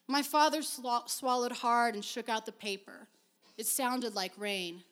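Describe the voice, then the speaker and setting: A woman reading a first-person story aloud in a measured, expressive way. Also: on the high side. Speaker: reader.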